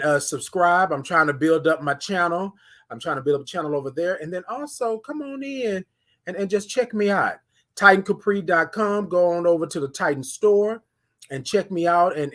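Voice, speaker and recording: A man from Houston hosting a casual morning live stream, warmly coaxing viewers in and repeating his call-outs. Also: on the high side. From Houston, Texas.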